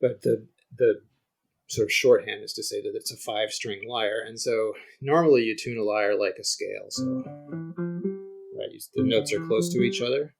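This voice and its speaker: A man's voice: fairly low pitch, fairly even intonation, moderate pace, gravelly, low-quality recording. A middle-aged man, a guest scholar, explaining ancient music in conversation, thinking aloud with frequent restarts. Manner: thinks aloud, restarts often, demonstrates on guitar.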